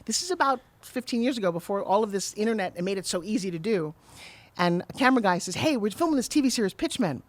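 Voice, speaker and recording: A middle-aged woman telling her story as a guest on an interview podcast, animated and acting out the quotes. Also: mid-range voice, dry recording. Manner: fast, animated storyteller who acts out quotes. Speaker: guest, TV pitch saleswoman.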